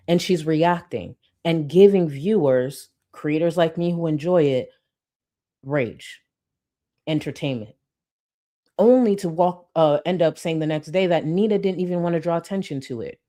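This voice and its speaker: A woman with a low, mellow voice talking through streamer clips in sarcastic commentary. She is blunt and swears freely, and the mellow tone keeps the commentary low and even. The talk stays biting. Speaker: commentary host. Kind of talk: reaction commentary.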